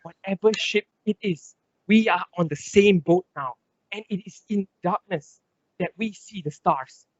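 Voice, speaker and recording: A young Malaysian man, a student debater, gives an impassioned, rhetorical competitive debate speech that builds through lists and repetition. His voice is high-pitched and measured in pace, on a dull, lo-fi, dry recording.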